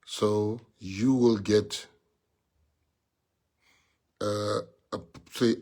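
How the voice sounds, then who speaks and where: A middle-aged man from South Africa, speaking with a South African accent, leads his party and stirs up supporters over a livestream. His voice is fairly low, a little mellow and slightly rough, with fairly even intonation and a slow pace. He is emphatic and repetitive and uses Afrikaans phrases.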